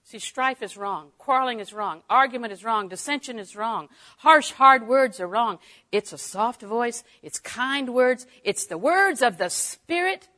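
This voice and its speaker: An older woman teaching a Bible lesson in a folksy way, dropping to a hush and rising to exclaim. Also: a little high, lively intonation, a little slow. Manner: folksy, swings from hushed to exclaiming.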